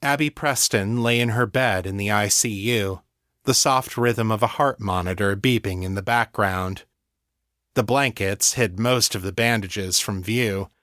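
Man, audiobook narrator, measured storytelling, dry close sound. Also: lowish voice, a bit bright, dry recording. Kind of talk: scripted narration.

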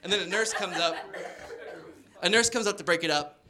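Bright-voiced man telling a stand-up story. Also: sits high, moderate pace. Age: 30s. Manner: rambling storytelling with acted-out quotes. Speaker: stand-up comedian. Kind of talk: stand-up comedy set. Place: stage before a laughing audience.

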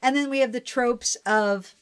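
A woman's voice: a little high, normal speed, clean tone. A young adult woman co-hosting a casual film chat, enthusiastic and swearing casually. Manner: enthusiastic, swears casually, acts out movie bits. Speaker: podcast co-host.

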